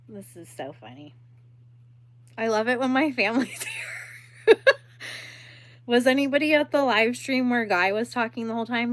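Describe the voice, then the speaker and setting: A young woman hosting a crochet livestream, chatting casually and laughing while she answers viewers and works. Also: mid-range voice.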